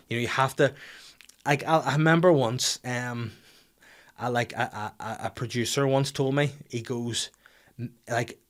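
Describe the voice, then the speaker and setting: A man hosts a podcast with a loose, rambling monologue. He tells crude, self-mocking stories, restarts his sentences often, and speaks at a middling pitch. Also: steady tone, normal speed, a bit bright. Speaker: podcast host. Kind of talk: casual comedic monologue.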